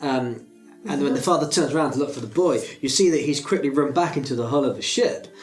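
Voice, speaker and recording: Halting game master narrating a tabletop game. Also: male voice, medium pitch, soft background music. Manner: hesitant, many restarts, laughs often.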